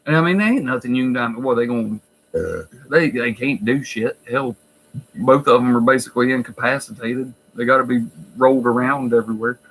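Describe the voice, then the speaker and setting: A man's voice: medium pitch, brisk, fairly bright tone, a little hiss or hum, rough recording. A man who works in a nursing home, telling stories in a blunt, profane, wry way. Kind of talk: casual storytelling vlog.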